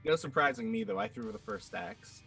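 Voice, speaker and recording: A man playing a tabletop game, talking in a quiet, laid-back, offhand way. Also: fairly low pitch, animated, moderate pace, breathy edge, faint music behind. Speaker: player. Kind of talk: casual tabletop chat.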